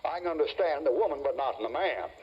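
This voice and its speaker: A man's voice: fairly high pitch, lively intonation, fast talker, slightly rough. Older man preaching a fiery sermon. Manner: yelling, growling, mocking. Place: church before a congregation. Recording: muffled old tape with hiss.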